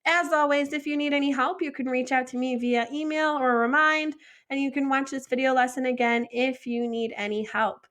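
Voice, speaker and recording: Woman teacher w a slightly high voice, slow clear drills, friendly, encouraging. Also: fairly even intonation, fairly bright tone. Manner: slow, clear modeling of phrases for repetition. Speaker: French teacher. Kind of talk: recorded classroom lesson.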